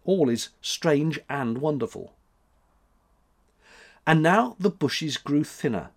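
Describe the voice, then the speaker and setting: A man narrating a children's storybook in an expressive way. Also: a little high, slow. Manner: expressive, lively.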